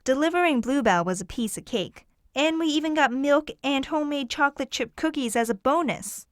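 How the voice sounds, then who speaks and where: Woman audiobook narrator, higher pitch, expressive first-person read, dry studio sound. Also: normal speed, no room sound.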